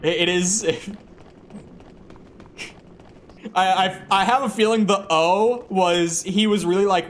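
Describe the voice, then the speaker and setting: A man's voice: high-pitched, measured pace, fairly bright tone. Rambling young American man streaming. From United States. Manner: rambling, repeats words when starting sentences. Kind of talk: casual chat with stream chat. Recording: clear background noise.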